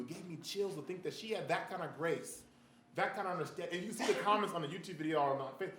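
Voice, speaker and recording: A man's voice: high-pitched, quick pace, slight background noise. A man preaching a sermon, talking conversationally and often checking in with "right?". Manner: conversational, animated, frequent "right?" asides. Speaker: pastor. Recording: echoey room, faint ambience.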